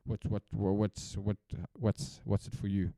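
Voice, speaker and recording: A man's voice: lowish voice, flat delivery, a little slow, vocal fry, mellow, dry recording. A South African man hosting a solo podcast in a casual, rambling rant, swearing freely and repeating himself for emphasis. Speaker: podcast host.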